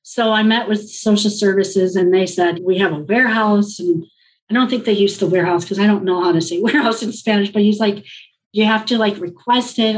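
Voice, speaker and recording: A woman's voice: mid-range voice, low-quality recording. Earnest woman telling a personal story. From Colombia. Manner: earnest, reflective, quotes others in lively reported speech. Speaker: interview guest.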